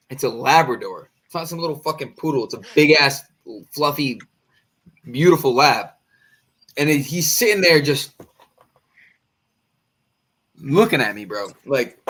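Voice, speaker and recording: Animated, swearing man telling a story. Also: fairly high pitch. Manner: animated, profane, acts out quoted voices. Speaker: podcast co-host. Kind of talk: casual storytelling among friends.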